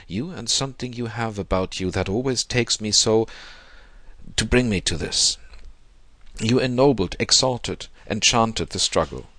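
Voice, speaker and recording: A man voicing a proud, bitter young gentleman who speaks in a stiff, wounded, formal way. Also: lowish voice, no room sound, close to an everyday voice.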